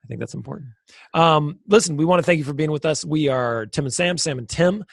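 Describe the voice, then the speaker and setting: Male podcast co-host, gravelly and husky, joking and rambling, dry sound. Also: a little high, brisk, no room sound. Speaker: lead pastor. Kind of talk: casual chat.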